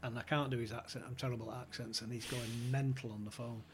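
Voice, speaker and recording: A man's voice: medium pitch, little pitch movement, fast talker, noisy background. A man guesting on a podcast, telling club stories in a chatty way, swearing freely and acting out the people he quotes. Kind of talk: anecdotal storytelling.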